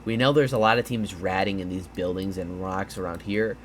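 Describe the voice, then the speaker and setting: A man's voice: low-pitched, steady tone, fairly quick, slight background noise. A man casually explaining gaming strategy over a map, rambling a bit with fillers and restarts, sounding tired. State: tired, yawning. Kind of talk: casual gameplay breakdown.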